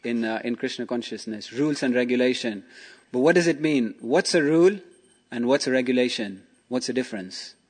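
A man's voice: mid-range voice, lively intonation, fairly quick, darkish tone, breathy edge. A man giving a casual spiritual talk as a teacher, telling stories and asking rhetorical questions. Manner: chatty, asks rhetorical questions, frequent 'you know' and 'okay'.

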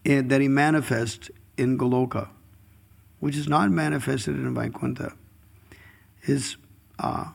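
A man with a medium-pitched, creaky voice and a breathy edge leads a devotional scripture class. He tells stories with chuckles and sometimes chants verses.

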